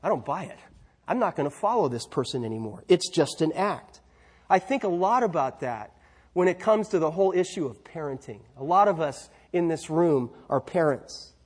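A man's voice: fairly high pitch, expressive, normal speed, slightly rough. A man preaching a sermon in a church, conversational, with asides and rhetorical questions. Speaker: pastor.

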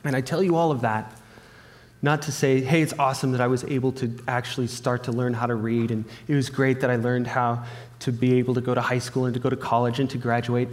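A man's voice: medium pitch, flat delivery, fast talker. A man preaching a sermon in an earnest storytelling voice, acting out both sides of a remembered conversation. His voice sits in the middle of the male range. A long reverb trails each phrase, as in a church hall. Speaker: pastor.

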